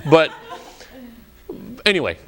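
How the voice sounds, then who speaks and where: A man's voice: takes it slowly, bright, forceful tone. A man coaching singers in an opera workshop rehearsal, chatty and joking, drifting into stories as he explains. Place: rehearsal room.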